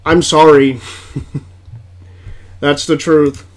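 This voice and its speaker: A man with a high voice rants through casual reaction commentary. He is blunt and swears freely, stumbling and restarting as he gets exasperated. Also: little pitch movement, extremely slow. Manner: blunt, profane, exasperated, laughs often.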